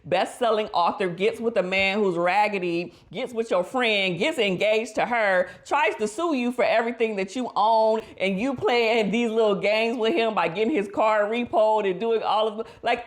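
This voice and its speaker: A woman therapist giving casual movie reaction commentary, expressive and slangy, with her voice leaping up for emphasis. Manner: pitch leaps up in emphasis.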